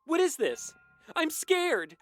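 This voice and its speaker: A man's voice: wildly swooping pitch, slow pace, a bit bright, soft background music, full character voice. A man voicing a frightened boy crying out in panic. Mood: panicked. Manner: high panicked cries.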